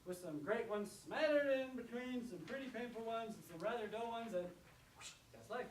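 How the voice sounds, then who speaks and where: A man's voice: very high voice, moderate pace, a little hiss or hum. A man in a comedy troupe on a theater stage, wry and mock-philosophical. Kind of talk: live comedy sketch banter. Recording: echoey live theater recording from a distance.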